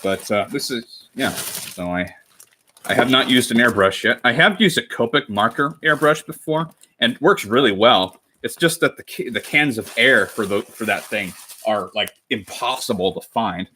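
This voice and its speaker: Chatty young man with a bright voice. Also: medium pitch, expressive, normal speed, slight background noise. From United States. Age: 20s. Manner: rambling, self-correcting, chatty with viewers. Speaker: cosplay livestreamer. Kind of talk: casual livestream chat while crafting.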